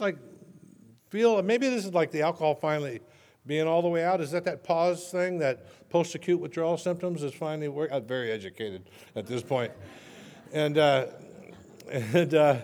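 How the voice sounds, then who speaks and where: A man's voice: on the high side, normal speed, darkish tone. A man sharing his recovery story at a meeting, conversational with self-mocking humor. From Southern California. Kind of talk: personal testimony talk. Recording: long reverb in a hall.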